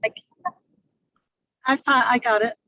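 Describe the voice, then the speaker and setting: A woman's voice: a little high, fairly even intonation, slow, far from the mic. Flustered woman on a dull lo-fi call. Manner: flustered, hesitant. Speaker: study group participant. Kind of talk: casual talk. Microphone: video call, away from the mic. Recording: dull, dry lo-fi video call audio.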